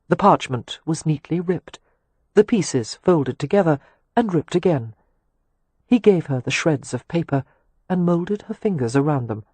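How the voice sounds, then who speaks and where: Brief: male audiobook reader, soft breathy tone, dry studio sound. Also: on the high side, no room sound. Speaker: audiobook narrator. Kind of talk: scripted narration.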